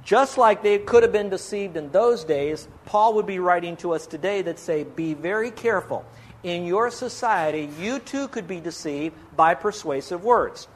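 A man's voice: high voice, lively intonation, normal speed, slight background noise. A man preaching a sermon in a church as a pastor, earnest and pleading, asking the congregation one question after another.

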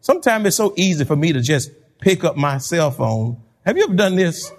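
A pastor preaching a sermon, animated, repeating words and laughing between points. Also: male voice, on the high side, fairly quick.

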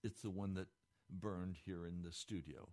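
A man giving a radio devotional, speaking fervently, his pitch climbing when moved, recorded in a radio studio. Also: unhurried, mellow. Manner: fervent, rising pitch with emotion. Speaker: radio preacher.

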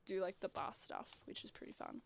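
A young woman chatting casually on the radio, full of "like" fillers and quick impressions of customers. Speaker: guest.

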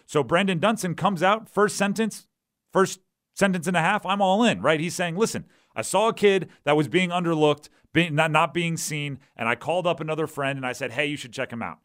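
A man's voice: a little high, a little fast, fairly bright tone, no echo, clean studio sound. A man hosting a sports talk radio show, talking casually and often checking in with "right?". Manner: conversational, keeps asking "right?".

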